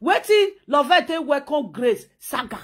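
A woman's voice: sits high, sing-song, normal speed. A woman from Nigeria with a Nigerian Pidgin accent, ranting in a scolding, mocking vlog while she sews. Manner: talks while sewing. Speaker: vlogger.

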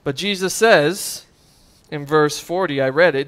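A pastor preaching with a voice pitched a little above most men's. He builds to loud, emphatic peaks, then drops into casual, conversational asides. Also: measured pace, smooth. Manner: conversational asides with fillers and chuckles. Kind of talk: sermon.

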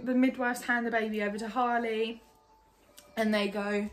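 A woman's voice: a little high, moderate pace. A young woman from England telling a personal story in a casual, candid way, full of "like". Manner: chatty, lots of "like", candid and animated. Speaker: vlogger.

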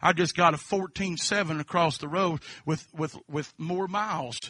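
Fervent Kentucky preacher, high bright voice. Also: male voice, moderate pace, no room sound. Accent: Kentucky Southern US. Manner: fervent preaching that swings between quiet storytelling and shouted declarations. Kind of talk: testimony sermon.

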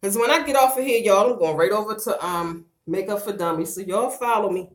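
A middle-aged woman chatting on a casual livestream, loud and playful, breaking into laughter and talking straight to her viewers while she does her hair at home. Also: mid-range voice, a little fast, background noise. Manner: slangy and animated, talks straight to viewers. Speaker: vlogger doing a livestream.

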